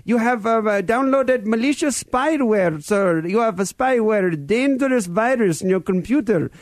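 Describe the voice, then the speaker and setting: A man's voice: sits high, animated, moderate pace, no room sound, pitched above the performer's own voice. A man voicing a pushy male phone scam caller with an Indian accent, overly polite and saying "sir" constantly. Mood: insistent polite.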